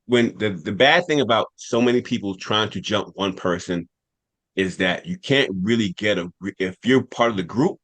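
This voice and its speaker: Man, low voice, casual podcast storytelling, animated, repeating phrases. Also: moderate pace. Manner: animated, repeats phrases for emphasis, laughs while telling. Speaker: podcast cast member.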